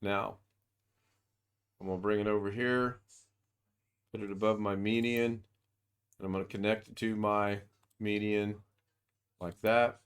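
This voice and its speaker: A man's voice: lowish voice, flat delivery, unhurried, pauses often, smooth. A man giving a casual screen-share tutorial over a video call, thinking aloud as he goes and rambling with frequent restarts. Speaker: software demonstrator.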